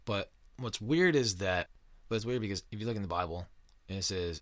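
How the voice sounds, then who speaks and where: A man's voice: sits low, a little fast, a bit bright, no echo. A man hosting a casual podcast, talking in a profane, rambling and sarcastic way. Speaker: podcast host. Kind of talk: casual chat.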